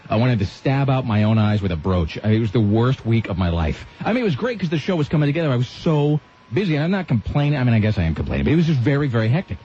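A man's voice: mid-range voice, rapid-fire, a little hiss or hum. A man hosting a radio show, telling rambling stories with lots of asides in casual on-air banter. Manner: rambling, animated storytelling with asides. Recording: dull lo-fi radio sound.

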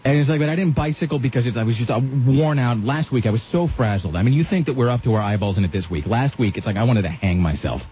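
A man's voice: mid-range voice, fast talker, few pauses, slight background noise. A man hosting a radio show, telling rambling stories with lots of asides in casual on-air banter. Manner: rambling, animated storytelling with asides. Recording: dull lo-fi radio sound.

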